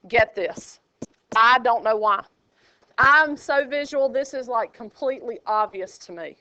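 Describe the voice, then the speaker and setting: A woman teaching a high school math class, chatty and joking, quizzing her students as she goes. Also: sharp tone, dry recording, dull audio. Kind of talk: classroom lecture.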